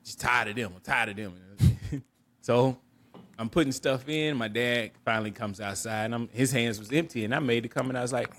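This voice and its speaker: An adult man co-hosts a podcast, his mid-range voice fairly quick and fairly bright. He tells a personal story candidly, earnest and reflective, often restarting and repeating words.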